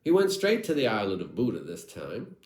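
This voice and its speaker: Wry male storyteller, lively voice. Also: on the low side, brisk, echoey room, low-quality recording. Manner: wry, irreverent asides to the audience. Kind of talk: comic folk tale storytelling.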